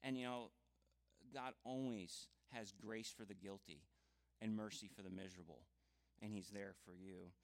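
Earnest man preaching a measured sermon. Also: on the low side, fairly even intonation. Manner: earnest, measured, with frequent "you know" asides.

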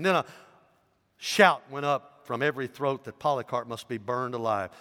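A man's voice: on the high side, moderate pace, bright, forceful tone. A man, a pastor preaching a sermon as he tells a story, with rising emphasis. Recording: long reverb in a large hall.

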